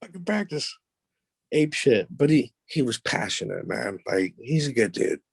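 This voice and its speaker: A man's voice: medium pitch, very animated, unhurried, creaky, no echo. A man as a podcast guest, telling stories in a blunt, profane, boastful way. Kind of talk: casual storytelling interview.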